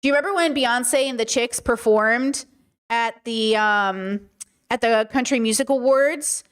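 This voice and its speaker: A woman's voice: a little high, a little slow, clear, resonant tone. A woman hosting a commentary livestream, talking emphatically and asking her audience rhetorical questions. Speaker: streamer host.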